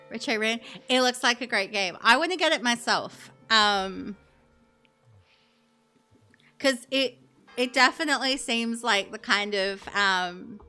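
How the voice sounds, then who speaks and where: Chatty woman streamer, bright voice. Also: on the high side. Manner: chatty, thinks aloud, many fillers. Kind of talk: casual live-stream chat while gaming.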